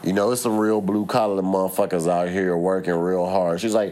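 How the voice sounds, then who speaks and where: A man's voice: fairly low pitch, normal speed, few pauses. A man in a casual vlog, ranting with plenty of swearing and rambling asides while laughing at himself. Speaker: vlogger. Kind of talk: casual profane rant.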